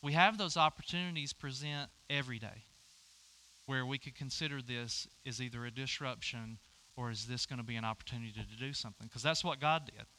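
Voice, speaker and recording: A man's voice: a little high, pushed and bright, dry recording. A man preaching a sermon, telling a personal story and acting out both sides of the conversation. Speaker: pastor.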